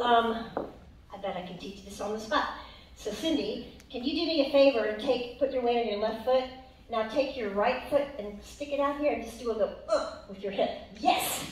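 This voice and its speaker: A woman's voice: fairly high pitch, moderate pace, darkish tone. Upbeat woman teaching a dance class. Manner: upbeat, chanting counts to music. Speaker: dance instructor. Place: dance hall. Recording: echoey hall from far off, music behind.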